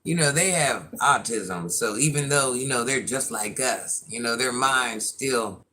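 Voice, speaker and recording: A woman's voice: a bass voice, animated, a little slow, sharp tone, a little hiss or hum. A woman in her fifties hosting a casual livestream chat, a chatty storyteller who laughs at herself as she talks to her viewers. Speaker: livestream host.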